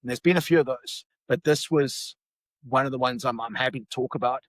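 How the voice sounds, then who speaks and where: A man's voice: mid-range voice, brisk, no echo, low-quality recording. A man with a South African accent telling a personal story casually, full of restarts and fillers. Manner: rambling, many restarts and fillers.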